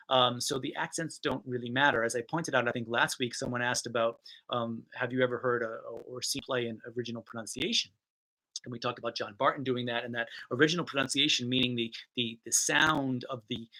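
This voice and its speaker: A man from Rhode Island who teaches theatre, answering viewer questions in a casual talk, thoughtful and halting, with many fillers and restarts. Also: mid-range voice, pushed and bright, low-quality recording. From Rhode Island, USA.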